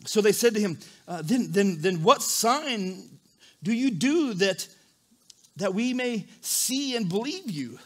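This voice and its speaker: A man with a high voice preaches to his congregation as their pastor. He reads scripture in a calm, measured way, then breaks into loud, animated asides. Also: breathy edge. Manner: animated, swings from quiet reading to loud emphasis. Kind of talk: sermon with scripture reading. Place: church service.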